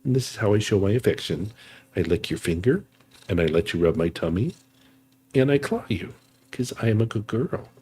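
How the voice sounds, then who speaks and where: A man's voice: on the low side, animated, moderate pace, darkish tone, a little hiss or hum, lightly acted. A man voicing his sweet, clingy young female house cat in a cooing, affectionate, playfully bossy way.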